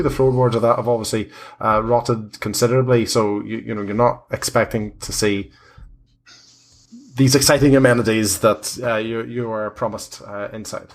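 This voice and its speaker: A man running a tabletop game as game master, describing scenes with many fillers and restarts. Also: lowish voice. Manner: rambling, hesitant descriptions.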